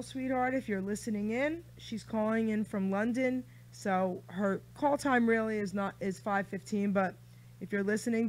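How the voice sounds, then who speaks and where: A woman's voice: medium pitch, unhurried. A woman hosting a radio show, chatty and gushing with her guest, reading out a rhyming poem. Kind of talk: casual radio chat.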